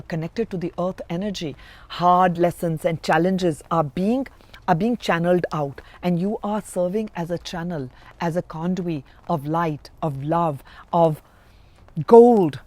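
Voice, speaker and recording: Woman giving a slow, soothing card reading. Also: fairly low pitch, darkish tone, no room sound. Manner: slow, dreamy, affirming delivery with emphatic rises. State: emotional, near tears. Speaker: spiritual card reader. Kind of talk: intuitive tarot reading to camera.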